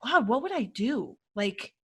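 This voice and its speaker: This podcast co-host's voice is a little high and husky, and she takes her time. She chats animatedly about a film she's reviewing, acting out reactions in a lively retelling.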